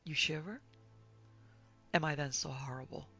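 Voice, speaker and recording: A woman voicing a bitter disfigured blind man bent on revenge, speaking in a quiet, coaxing, menacing way in a horror audiobook. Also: sits low, fairly even intonation, normal speed, slightly rough, dull audio, soft background music, heavily acted. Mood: pleading.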